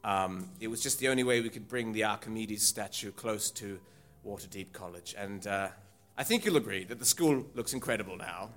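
A man voicing a chipper, wealthy female school principal who is smooth and falsely apologetic, in his own voice. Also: on the low side, a little fast, a bit bright, pitched below the performer's own voice, lightly acted. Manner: smooth and ingratiating.

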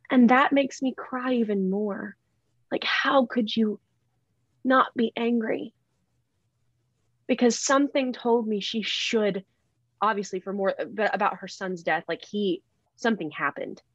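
Her voice sits at medium pitch in this dry recording as she shares a personal story on a podcast as a guest. Earnest and heartfelt, she rambles, frequently stopping to restart or correct herself, and the audio comes across dull and slightly lo-fi.

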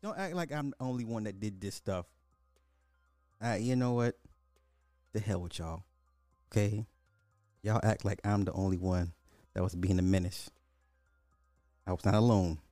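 A man's voice: on the low side, moderate pace, pauses often, no echo, soft background music. A middle-aged man hosting a podcast, telling stories in casual chat with frequent laughs and swearing. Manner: animated storytelling, laughs often, swears. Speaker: podcast host.

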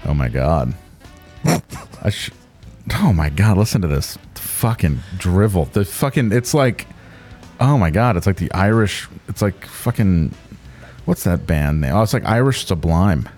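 A very deep-voiced man in his forties chats casually as a podcast host. He swears freely and gets excited fast, and his voice swings widely in pitch. Faint music plays behind him. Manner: profane, excitable, laughs often. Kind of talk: casual chat.

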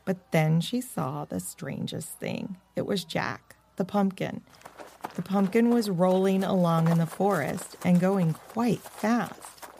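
A woman narrating a children's story in a gentle, expressive reading voice. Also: lowish voice, slow, vocal fry, a little hiss or hum. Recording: dry close-mic recording.

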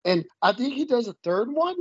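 A man's voice: extremely high pitch, big pitch swings, moderate pace, breathy edge, no room sound. A man chatting casually, stumbling and repeating words and laughing often. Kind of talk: casual chat. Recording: muffled dry sound.

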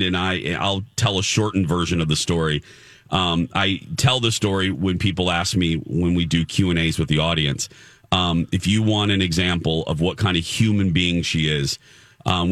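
A man's voice: sits low, moderate pace, a bit bright, no room sound, clean studio sound. A man hosting a show, telling a personal story in a rambling, earnest way with many restarts. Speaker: radio show host. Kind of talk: casual morning-show chat and storytelling.

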